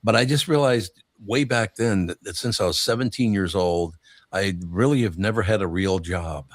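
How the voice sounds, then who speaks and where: A man's voice: on the low side, normal speed, no echo, studio quality. An older man hosting a radio show, telling rambling stories and laughing often in casual chat. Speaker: radio host.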